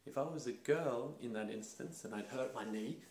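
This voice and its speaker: A man's voice: mid-range voice, normal speed. A young man hosting a casual talk, telling stories with energy and acting out other voices. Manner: animated storytelling, acts out voices and laughs. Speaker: host. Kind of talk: casual conversation about masculinity. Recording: roomy echo.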